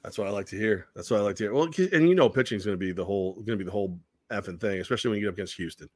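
This is a man with a lowish voice, talking casually on sports radio in a dry studio sound. He tells stories with big swings between loud and quiet, and he swears a little as he goes. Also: rapid-fire, no echo. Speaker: radio show co-host. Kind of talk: casual sports talk with live ad reads.

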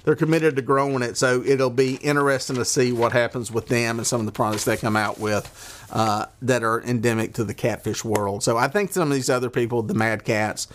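A man's voice: medium pitch, fairly even intonation, a little fast, slight background noise. A man with a Southern accent hosting a podcast in a loose, rambling monologue, folksy and full of filler words. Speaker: podcast host. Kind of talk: casual monologue. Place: at a desk.

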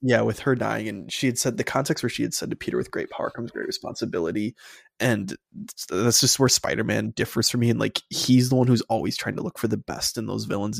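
A man's voice: fairly low pitch, fairly even intonation, a little fast, creaky, no room sound, clean studio sound. A man co-hosting a podcast, chatting casually and enthusiastically as a fan while reviewing a film. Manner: enthusiastic fan, rambling with restarts. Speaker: podcast co-host. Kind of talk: casual movie review chat.

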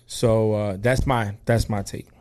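A man's voice: fairly low pitch, steady tone, measured pace, darkish tone, slight background noise. A man co-hosting a casual sports chat, laid-back and opinionated about the games. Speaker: podcast co-host.

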